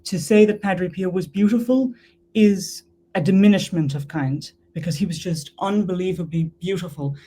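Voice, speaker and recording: Speaking at a moderate pace, an earnest woman from Ireland appears as a guest to share her own faith journey. Her mellow voice is low for a woman, and she repeats things to emphasize them.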